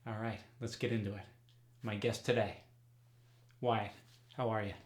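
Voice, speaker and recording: A man hosting an accent tutorial as a dialect coach, speaking clearly and deliberately as he announces each topic. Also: fairly low pitch, little pitch movement, roomy sound.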